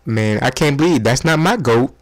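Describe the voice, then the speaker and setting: A man's voice: mid-range voice, animated, normal speed, natural voice. A man putting on a brash, slangy sports TV pundit who hypes up his favorite player, in a comedy spoof of a sports debate show.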